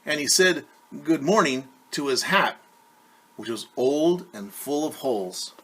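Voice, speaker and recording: A male teacher with a mid-range, somewhat bright and husky voice reads a children's story in an animated way. He goes slowly and patiently, speaking directly to his young listeners.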